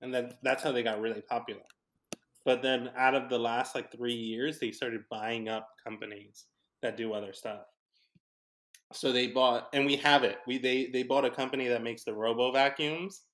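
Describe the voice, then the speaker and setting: Young guy on a podcast, excited and rambling, casual chat. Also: mid-range voice, moderate pace. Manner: enthusiastic, rambling, loses his train of thought. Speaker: podcast co-host.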